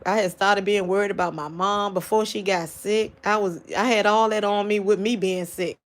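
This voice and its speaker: Woman, livestream vlogger, grieving, tearful, halting restarts, close phone mic. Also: medium pitch. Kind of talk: late-night livestream talk to viewers.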